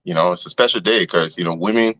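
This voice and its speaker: A man with a very low voice and a sharp, forceful edge, speaking as a panel guest. He talks in a measured way with many fillers. The audio is dull and lo-fi. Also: no echo. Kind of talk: casual chat. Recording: dull lo-fi mic.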